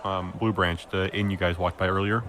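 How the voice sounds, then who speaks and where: A man's voice: deep voice, fairly even intonation, fairly quick, a bit bright, a little hiss or hum. A man serving as game master, narrating a tabletop game with a rambling, filler-heavy delivery.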